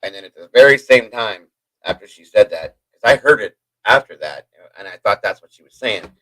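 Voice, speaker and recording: Male livestream host, lowish voice, dry close sound; hyper, rambling storyteller who keeps chatting to viewers. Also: expressive, fairly quick, pushed and bright, dry recording, poor audio. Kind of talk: casual storytelling to a live chat.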